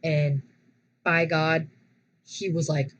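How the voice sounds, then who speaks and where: A young woman vlogger casually telling personal stories, animated and dramatic, often restarting her sentences. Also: low voice, slow pace, poor audio.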